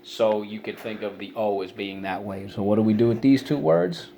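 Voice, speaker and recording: A man teaching a spelling lesson, encouraging and sounding out syllables slowly. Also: fairly low pitch, gravelly, warm tone, slight background noise.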